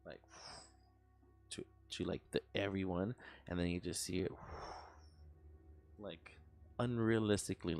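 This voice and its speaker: A man's voice: low voice, fairly even intonation, a little slow, vocal fry, dry recording, soft background music. A young man streaming live, telling a story in a rambling, profane way, full of fillers and sound effects.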